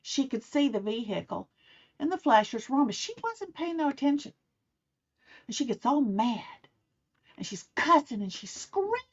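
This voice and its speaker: A middle-aged woman tells a personal story in a relaxed, chatty way. Her voice sits a little high, and she brings the people she quotes to life as she goes. The recording is a bit dull and muffled. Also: normal speed. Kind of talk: casual spoken storytelling. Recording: slightly muffled, dull sound.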